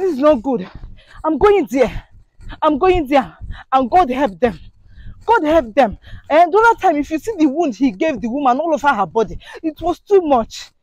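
A woman's voice: high-pitched, expressive, normal speed, pauses often, darkish tone, no room sound. A woman giving an indignant, preachy monologue to her viewers, full of rhetorical questions. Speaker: vlogger. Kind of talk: impassioned monologue to camera.

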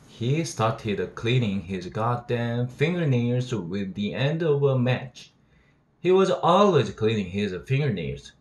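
Man, English teacher, reading a novel aloud, unhurried, roomy echo. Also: mid-range voice. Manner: steady, unhurried reading with voiced dialogue.

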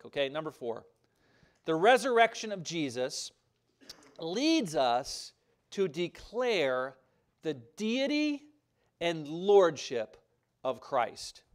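Male pastor, emphatic conversational sermon, high and lively voice, quick asides.

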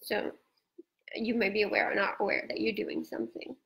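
A woman from Australia hosting a live-stream conversation, explaining ideas in a relaxed chatty way over a video call. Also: mid-range voice, brisk, low-quality recording. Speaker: host.

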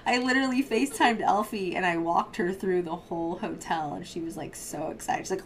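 A woman's voice: fairly low pitch, a little fast, hardly any pauses, a little hiss or hum. A woman hosting a casual paranormal podcast, chatting in a bubbly, rambling way and telling stories. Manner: bubbly, rambling storyteller with frequent laughs. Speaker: podcast host. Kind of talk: casual chat.

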